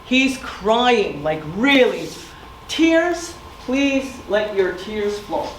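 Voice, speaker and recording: A woman's voice: on the high side, animated, drawn-out words, slight background noise. A middle-aged woman giving a community presentation, telling stories and asking the audience questions. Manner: storytelling, asks audience questions. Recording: echoey room from far off.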